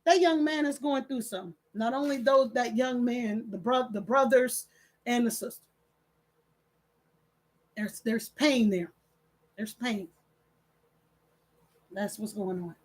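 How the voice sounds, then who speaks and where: Brief: high-pitched woman streamer, emphatic and preachy, talks straight to her viewers and repeats lines for weight. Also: slow pace, pauses often. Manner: emphatic, repeats phrases for stress; addresses viewers directly, preachy. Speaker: livestream host. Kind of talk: casual livestream chat, reading viewer comments.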